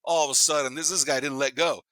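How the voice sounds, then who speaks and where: A man in his fifties, a podcast guest, telling rambling, animated stories in casual chat, swearing freely and laughing as he goes. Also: fairly high pitch, fast, dry recording. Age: 50s. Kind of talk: casual storytelling.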